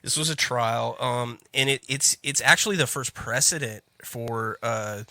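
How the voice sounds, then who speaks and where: A man's voice: mid-range voice, unhurried, bright, forceful tone. A man in his thirties, a podcast co-host, chatting casually in a rambling way, stumbling and swearing. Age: 30s. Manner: rambling, repeats words, swears. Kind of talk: casual chat.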